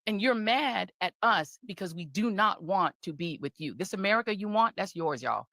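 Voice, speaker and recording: A woman's voice: mid-range voice, expressive, moderate pace, sharp tone, dry recording, clean studio sound. Fiery woman in a talk-show rant. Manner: fiery, rhetorical, repeats phrases, slips into mocking voices. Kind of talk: impassioned on-air monologue.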